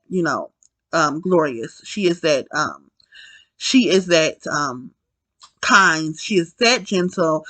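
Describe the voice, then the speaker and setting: A woman's voice: fairly low pitch, a bit bright, no echo. A woman recapping a film in a casual, rambling way, swearing freely and checking in with her viewers. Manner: rambling, profane, keeps asking "right?" and addressing "y'all". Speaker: film reviewer.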